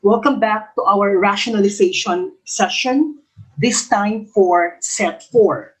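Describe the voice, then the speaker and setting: A man's voice: high voice, slow, poor audio. A male English professor with a lisp, coaching future teachers through exam questions by reading each one twice and explaining the answer. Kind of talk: exam review lecture.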